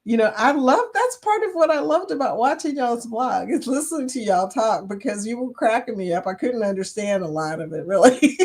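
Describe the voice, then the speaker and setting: A middle-aged woman hosting a casual live chat, reading viewer comments aloud, chatty and silly and laughing often. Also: fairly high pitch. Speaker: livestream host.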